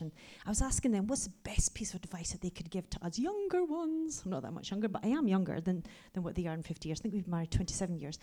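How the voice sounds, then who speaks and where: Lively woman preaching. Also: mid-range voice. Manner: animated, drops to a hushed whisper for asides. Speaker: pastor. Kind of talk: lively sermon with personal stories.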